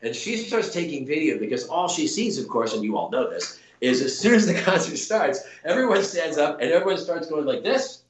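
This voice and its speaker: A man's voice: on the high side, very animated, a little fast, few pauses. A middle-aged man, an actor guest, telling a long story in casual chat with many restarts and quoted voices. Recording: roomy echo.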